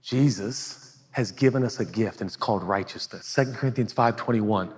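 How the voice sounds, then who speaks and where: Husky-voiced man preaching in a hall. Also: on the low side, moderate pace. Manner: earnest, conversational preaching with sudden hushed asides. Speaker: pastor. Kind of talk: sermon. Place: large auditorium.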